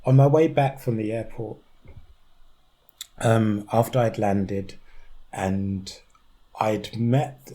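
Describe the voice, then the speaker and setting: A young man from East London with a London accent, a podcast guest telling a story in an animated way, laughing often and mimicking the voices of others. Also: lowish voice. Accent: London English. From East London, England. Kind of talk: conversational storytelling.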